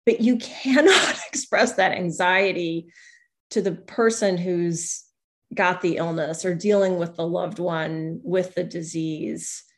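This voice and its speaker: Female interview guest, low-ish voice, candid and reflective, voices quoted remarks. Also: takes it slowly. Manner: reflective, often acts out what others said. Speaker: guest, newspaper columnist.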